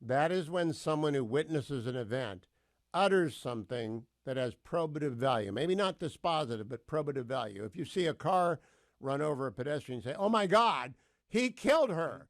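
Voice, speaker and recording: A man hosting a talk radio interview, putting his questions in a measured, deliberate way. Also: medium pitch, lively intonation. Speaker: radio show host.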